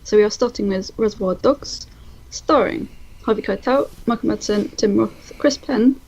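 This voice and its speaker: A woman's voice: medium pitch, moderate pace, gravelly, a little mellow, highs cut off. A woman from the UK co-hosting a casual film podcast, giggly and swearing freely. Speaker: podcast co-host.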